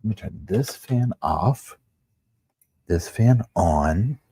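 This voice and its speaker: A man hosting a casual livestream, chatting to viewers in a quiet, hushed voice at home on a wireless microphone. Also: low-pitched, animated, takes it slowly, husky. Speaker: livestream host. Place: at home with neighbors next door.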